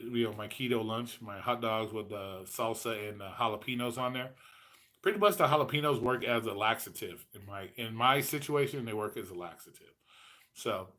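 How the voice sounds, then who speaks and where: A man in his late forties with a mid-range voice hosts a loose livestream chat. He swears freely and rambles through food stories. He gets more animated when he mimics his past self. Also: medium pitch. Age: 40s. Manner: profane, rambling storyteller. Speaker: host.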